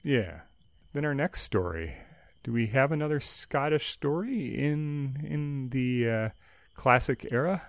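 A man's voice: mid-range voice, expressive, measured pace, dry recording. A man co-hosting a podcast in easygoing casual chat. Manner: easygoing, brief backchannels, light laughter. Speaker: podcast co-host.

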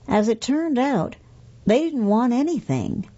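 A woman reading a story aloud as narrator, in unhurried scripted narration. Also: a little high, lively intonation, warm tone. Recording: dull, muffled recording.

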